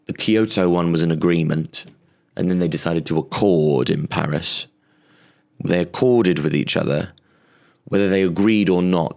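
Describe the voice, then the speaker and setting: A man's voice: sits low, creaky, a little mellow. A man hosting a comedy podcast, rambling and facetious in a solo monologue.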